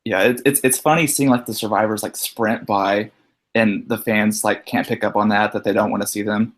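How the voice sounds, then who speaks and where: A man's voice: fairly low pitch, fairly even intonation, normal speed. A man on a casual live video call, speaking in an easygoing, somewhat hesitant way.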